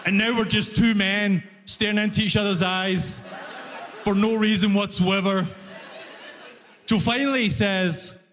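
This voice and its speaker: A young man who moved to Toronto, doing a stand-up comedy set and telling an animated story with acted-out voices. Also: high-pitched, a little slow, pauses often, a little hiss or hum. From immigrant living in Toronto. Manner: animated storytelling, acts out quoted voices, laughs often. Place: comedy venue with audience. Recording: live hall reverb, faint ambience.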